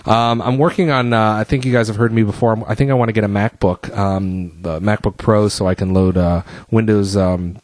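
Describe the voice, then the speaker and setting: A man's voice: lowish voice, steady tone, brisk, few pauses, a little mellow, no echo. A man hosting his own podcast solo, chatting casually and rambling with fillers and restarts, a bit out of breath. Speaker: podcast host.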